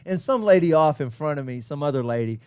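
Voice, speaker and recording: A Texan comedian and podcast co-host telling a crowd story from a show with plenty of laughing. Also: male voice, fairly high pitch, fast talker, smooth, dry recording, clean studio sound. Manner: laughing, lively anecdote teller. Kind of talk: casual chat, storytelling.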